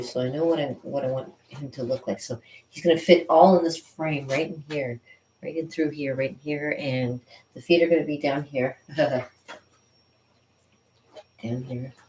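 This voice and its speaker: A woman's voice: low-pitched, fairly even intonation, moderate pace, pauses often, a little mellow, a little hiss or hum. A woman artist hosting a live drawing stream, chatting casually and rambling with frequent laughs as she teaches.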